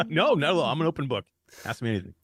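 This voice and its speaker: Man, podcast co-host, casual chat, joking, teasing, rapid delivery. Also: on the high side, big pitch swings, a bit bright, no room sound, studio quality.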